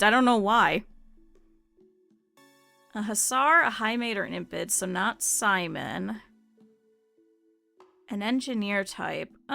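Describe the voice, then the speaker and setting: A woman streamer with a slight lisp, chatting casually and excitedly with viewers while playing a game. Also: medium pitch, gravelly. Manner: chatty and animated, often laughing. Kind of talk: casual gameplay chat with viewers.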